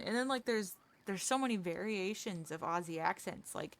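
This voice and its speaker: A woman's voice: mid-range voice, animated, moderate pace. A woman chatting casually with viewers during a game livestream, rambling, restarting her sentences and laughing easily. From United States. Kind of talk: casual chat with viewers while gaming.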